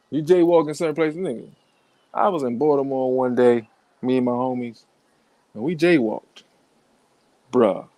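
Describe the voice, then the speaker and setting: A man's voice: mid-range voice, darkish tone, dry recording. A man giving blunt, profane reaction commentary in a casual way, laughing between points.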